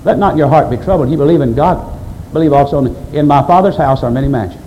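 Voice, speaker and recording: A man's voice: on the high side, quick pace, lo-fi sound, a little hiss or hum. A man preaching a sermon to his church, quoting scripture and pressing his points with emphatic delivery. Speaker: pastor.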